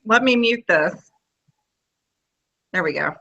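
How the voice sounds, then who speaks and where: A woman's voice: lowish voice, expressive, slow pace, vocal fry, sharp tone. A woman hosting a casual live-stream chat on her phone, chatty and easily amused. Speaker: host of a live video chat. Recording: muffled lo-fi phone audio.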